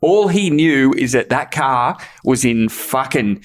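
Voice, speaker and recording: A man's voice: mid-range voice, expressive, slow pace. Swearing man telling stories. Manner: swears a lot, laughing at his own prank story. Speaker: guest, bodyboarder. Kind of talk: casual storytelling.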